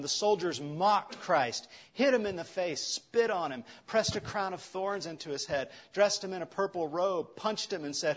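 A man preaching a sermon in an earnest way, rising for emphasis and dropping soft for tender lines. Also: a little high, normal speed, hardly any pauses, dull audio.

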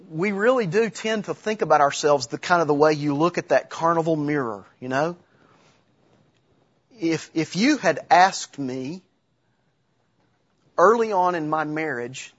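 A middle-aged man delivers a sermon in a husky, slightly high voice. He preaches conversationally, with restarts and light humor, and the recording sounds dull and lo-fi. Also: a bit bright. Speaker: pastor.

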